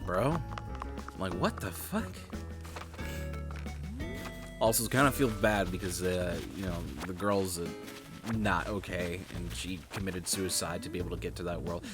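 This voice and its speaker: A young man streaming a game, rambling in casual commentary and swearing freely. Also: low voice. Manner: rambling, swears freely, laughs at his own jokes. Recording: game music playing behind.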